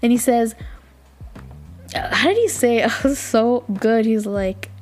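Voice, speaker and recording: A woman's voice: on the high side, lively intonation, unhurried, pauses often, a little mellow, faint music behind. A woman hosting a casual podcast, chatting and gushing, laughing often and saying "like" a lot. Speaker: podcast host. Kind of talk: casual recap chat.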